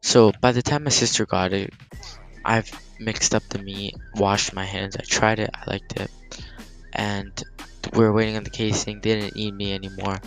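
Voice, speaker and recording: A man's voice: on the low side, little pitch movement, moderate pace, faint music behind, low-quality recording. A man, a gaming YouTuber, casually telling a story-time vlog, rambling with lots of fillers and some swearing.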